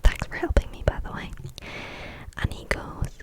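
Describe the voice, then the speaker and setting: A woman's voice: normal speed, poor audio. A young woman, ranting about a bad day at work in a whispered ASMR style, chatty with lots of fillers. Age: young adult. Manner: chatty storytelling with many fillers. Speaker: vlogger.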